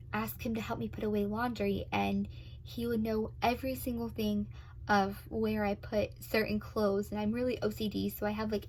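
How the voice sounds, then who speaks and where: A young woman tells her own love story in an earnest, emotional voice, pausing with ums and fighting back tears at moments. Her pitch sits in an ordinary middle range. A faint hiss of background noise sits under her voice. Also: poor audio. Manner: earnest, tearful at times, many ums.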